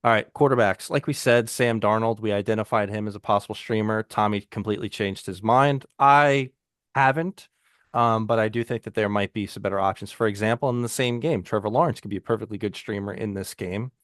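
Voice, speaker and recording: A man's voice: on the low side, brisk, a bit bright, dry recording. Chatty man co-hosting in a dry room. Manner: loose and conversational, with frequent restarts. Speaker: podcast co-host. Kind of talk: casual fantasy football chat.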